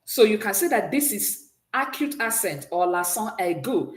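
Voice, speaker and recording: A woman's voice: mid-range voice, animated, a little slow, hardly any pauses, darkish tone, reverberant. A woman teaching a French exam-prep class, patiently drilling pronunciation and praising answers often. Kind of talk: exam-prep language lesson.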